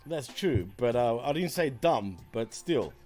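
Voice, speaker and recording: A man's voice: mid-range voice, lively intonation, unhurried, darkish tone, soft background music. A man with an Australian accent co-hosting a casual live wrestling chat show, laid-back, swearing freely and laughing easily. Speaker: co-host.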